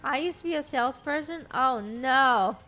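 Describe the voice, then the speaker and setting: Excitable high-voiced woman streamer. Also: normal speed, faint music behind. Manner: excitable, chatty, talks to chat. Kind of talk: live-stream chat.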